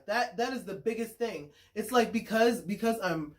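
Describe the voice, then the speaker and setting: A woman's voice: fairly high pitch, moderate pace. A woman talking to the camera in a casual monologue, frank and blunt, swearing freely, repeating words as she thinks and often checking in with her listeners. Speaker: spiritual consultant and vlogger.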